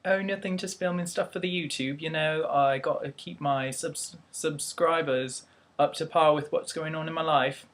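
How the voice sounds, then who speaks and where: A man's voice: a little high, fairly even intonation, moderate pace, voice pushed up, lightly acted. A young man putting on a mock British accent, playing a chatty, breezy fellow in a raised, sing-song voice.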